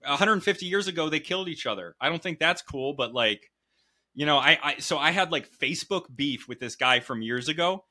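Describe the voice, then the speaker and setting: Bright-voiced man telling stories. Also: a little high, fairly quick. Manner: storytelling, swearing, animated. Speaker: podcast host. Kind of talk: casual chat. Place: Connecticut home.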